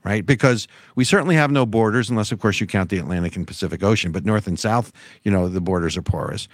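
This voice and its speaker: A man's voice: fairly low pitch, fast, no room sound. A man co-hosting a casual political talk show, wry and sarcastic, rambling with restarts. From United States. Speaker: podcast co-host.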